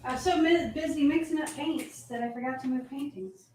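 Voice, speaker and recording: High-voiced chatty woman painting live. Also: brisk, darkish tone, a little hiss or hum, poor audio. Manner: chatty, laughs often, self-teasing. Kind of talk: casual live-stream demo chat.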